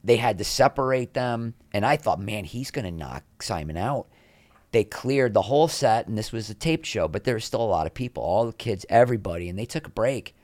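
Low-voiced man telling candid backstage stories. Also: a little fast, dry recording. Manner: animated, acts out quoted people in raised voices; rambling, frequent restarts. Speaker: guest. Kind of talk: candid anecdotal storytelling.

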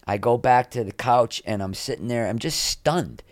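A middle-aged man telling anecdotes in a casual interview as a podcast guest, lively, with quick asides. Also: medium pitch, no echo, studio quality. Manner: animated anecdotes, quick asides, acts out quoted people.

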